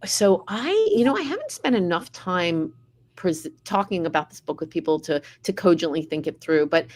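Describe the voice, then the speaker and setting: A woman's voice: lowish voice, animated, moderate pace. A middle-aged woman, an author being interviewed, speaking in an earnest, reflective way. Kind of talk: casual conversational interview.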